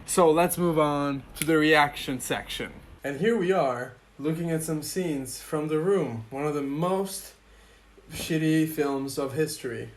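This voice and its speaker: A man hosting a podcast, sarcastically reviewing and reacting to a bad movie with crude, mock-reverent humor. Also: fairly high pitch. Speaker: podcast host.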